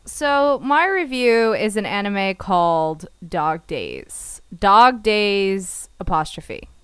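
A woman's voice: medium pitch, sing-song, slow, a bit bright, clear, resonant tone, no echo. A woman co-hosting a casual podcast, reviewing an anime with playful sarcasm and frequent laughs. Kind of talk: casual chat.

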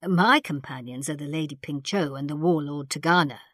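A woman's voice: low voice, a little fast, fairly bright tone, dry recording, clean studio sound. A woman reading the part of a polite, formal Venetian explorer in his thirties, in a storybook reading. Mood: courteous. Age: 30s. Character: courteous young Venetian explorer man.

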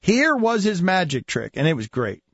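Animated high-voiced man hosting sports radio. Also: normal speed, husky, dry recording. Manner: animated, emphatic, mocking. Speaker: radio show host. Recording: dull lo-fi radio studio, dry.

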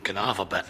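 A lazy, greedy escaped prisoner with a Scottish accent who whines and complains constantly. His pitch leaps all over the place, and loud noise sits under the recording. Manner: whiny and complaining.

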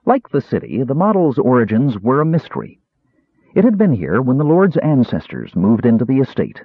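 A man narrating a fantasy audiobook in a measured, expressive storytelling manner. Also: medium pitch, husky, dry recording. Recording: dry, tinny phone-like sound.

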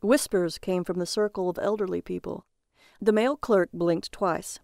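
Gravelly woman narrating a noir story. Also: lowish voice, steady tone, normal speed, darkish tone, no echo, studio quality.

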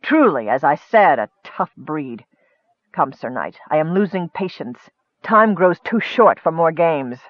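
A man voicing a cruel, menacing dark cleric who speaks slowly and low. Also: sing-song, no echo, highs cut off. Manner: slow, low and threatening.

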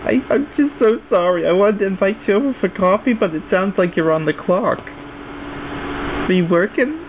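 A man's voice: high voice, lively intonation, moderate pace. Man doing a fussy lonely old woman. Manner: dramatic, fussy, oversharing. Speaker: prank caller. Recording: tinny phone line, faint hiss.

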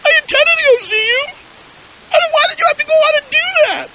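A man's voice: lively intonation, fast talker, exaggerated voice, rough recording. A man squealing as a crying upset woman. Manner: shrill, shouting complaint. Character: upset crying young woman, pleading and defensive.

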